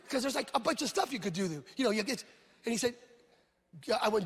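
A man's voice: high voice, animated, moderate pace, long pauses, fairly bright tone, slightly rough. A middle-aged man, a pastor, telling a humorous story in a sermon and acting out the dialogue. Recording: reverberant hall sound.

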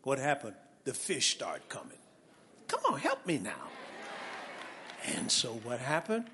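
A male preacher giving an animated sermon with a personal testimony, calling out to his congregation and building to shouts. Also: medium pitch, a little slow, background noise. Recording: long reverb of a large hall.

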